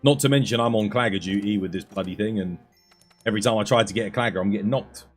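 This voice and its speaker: Hoarse man, chatty gameplay commentary. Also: fairly low pitch, fast talker, soft background music. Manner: chatty, self-deprecating and apologetic. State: hoarse, losing his voice. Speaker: gaming streamer coaching players.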